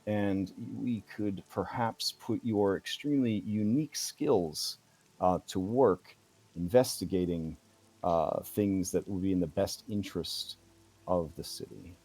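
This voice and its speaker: A man's voice: low voice, a little slow, darkish tone, breathy edge, heavily acted. A man voicing a formal, hesitant town official.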